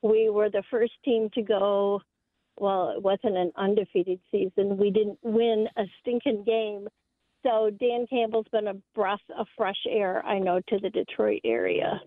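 A woman's voice: mid-range voice, measured pace, no echo. A woman from Michigan calling in to a sports radio show, talking earnestly about her team. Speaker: caller. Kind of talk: call-in radio chat. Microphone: phone line. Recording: tinny phone line.

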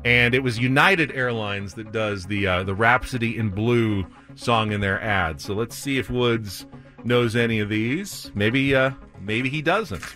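A man runs a radio trivia segment in a bright, forward voice, reading each question crisply before slipping back into relaxed banter. His pitch sits mid-range, and a faint bed of music runs underneath. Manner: brisk, reads questions crisply, chatty asides. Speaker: radio show host running a trivia quiz. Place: radio studio.

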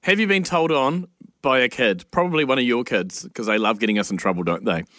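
Brief: New male radio host, easygoing storyteller, mid-pitched voice, dry studio mic. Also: brisk, bright, forceful tone, no room sound. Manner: chatty, laughing anecdote telling. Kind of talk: casual on-air storytelling. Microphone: studio microphone.

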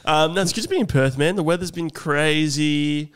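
A man's voice: fairly high pitch, a little fast, fairly bright tone, clean tone. A young man co-hosting a casual comedy podcast, leading the chat with jokey teasing. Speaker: podcast co-host.

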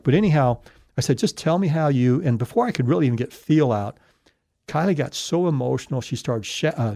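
A man's voice: medium pitch, mellow, dry recording. A man recounting a paranormal investigation in a casual, rambling way, full of fillers and restarts. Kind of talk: casual storytelling.

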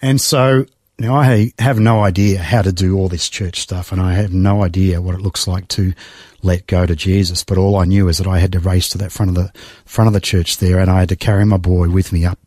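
Emotional Australian man, low voice. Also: steady tone, darkish tone, dry recording, studio quality. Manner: emotional, reflective storytelling with sighs and pauses. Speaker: guest. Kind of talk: personal testimony in conversation.

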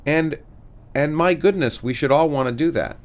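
A middle-aged male physicist and author being interviewed, talking with animated enthusiasm and many restarts. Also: on the high side, moderate pace. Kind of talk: conversational interview, reading aloud from his book.

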